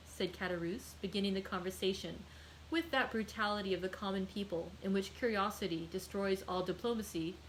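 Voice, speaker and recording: A woman librarian reads a classic novel aloud to her group. Her narration is steady and clear, with a voice of middling pitch for a woman. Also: normal speed, slight background noise, rough recording. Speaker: librarian hosting a read-aloud.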